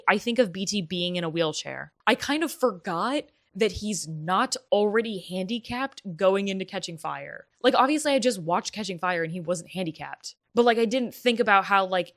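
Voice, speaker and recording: A woman's voice: fairly low pitch, a bit bright. A young woman casually talking through a book and film comparison, chatty and candid with frequent fillers and the odd swear. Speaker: book vlogger. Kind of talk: casual vlog commentary.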